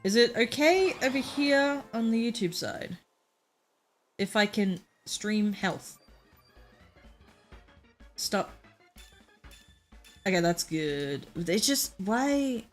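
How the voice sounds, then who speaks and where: A woman's voice: medium pitch, expressive, slow, long pauses, faint music behind. An Australian woman streaming a game and chatting casually, swearing freely and laughing through her stories. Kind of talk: casual chat while gaming.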